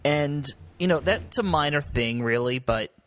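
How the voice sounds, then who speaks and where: A man's voice: fairly high pitch, unhurried, a bit bright, slight background noise. Chatty man talking ballparks. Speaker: podcast co-host. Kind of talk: casual sports chat.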